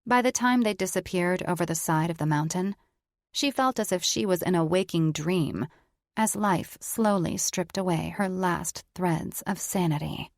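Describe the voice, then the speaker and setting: A woman narrating a fantasy romance audiobook in a measured storytelling manner. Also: lowish voice, no room sound, clean studio sound. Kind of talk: scripted fiction narration.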